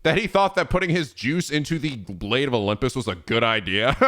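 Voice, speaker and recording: A young man streaming, chatting in an animated, profane way and laughing often. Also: medium pitch, brisk. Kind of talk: casual gaming chat.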